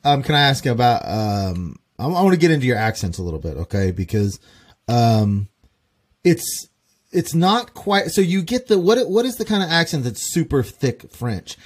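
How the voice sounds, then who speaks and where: A man's voice: mid-range voice, big pitch swings, normal speed. A man hosting a podcast, asking eager, curious questions and tripping over his words as he starts them. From American Midwest. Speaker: podcast host. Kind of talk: casual interview chat.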